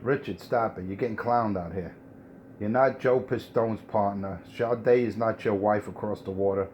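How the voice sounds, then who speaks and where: A man's voice: lowish voice, steady tone, moderate pace, a little mellow, a little hiss or hum. A man on a CB radio mocking and lecturing another operator, repeating "man" as he talks. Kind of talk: trash-talking radio banter.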